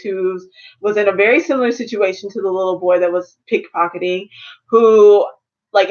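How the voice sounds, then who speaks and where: A woman vlogger ranting casually about shows, slangy and animated, acting out her own reactions. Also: medium pitch, highs cut off. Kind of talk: casual rant to camera.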